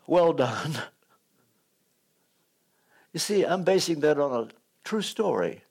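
A man's voice: on the high side, big pitch swings, normal speed, creaky, a little mellow, husky. An older man preaching a sermon, telling stories, acting out voices and joking when he loses his place. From United States.

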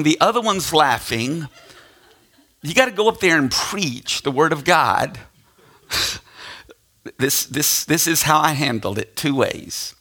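A middle-aged male pastor telling a self-deprecating story from the pulpit, animated and laughing at himself. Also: on the high side. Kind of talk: storytelling sermon.

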